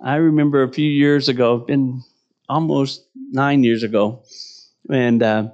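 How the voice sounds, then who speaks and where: A man's voice: medium pitch, steady tone, a little slow, darkish tone, lo-fi sound. A middle-aged man preaching a sermon in a conversational way, often asking "right?" and laughing between points.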